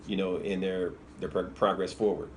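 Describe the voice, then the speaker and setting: A man with a lowish voice co-hosting a political talk show. He speaks bluntly and critically, over a faint hiss in the background. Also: little pitch movement, normal speed. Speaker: co-host.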